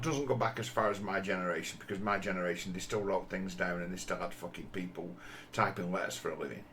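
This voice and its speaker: Man, 50s, low gravelly voice, blunt and sweary, halting restarts. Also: fairly bright tone, slight background noise. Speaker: commentator. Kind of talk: rambling personal monologue.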